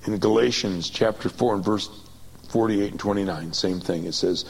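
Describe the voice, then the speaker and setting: A pastor preaches at normal speed in a creaky voice, swinging between excited, high bursts and quiet, low reading. He calls on the congregation to repeat after him, and the recording is low quality.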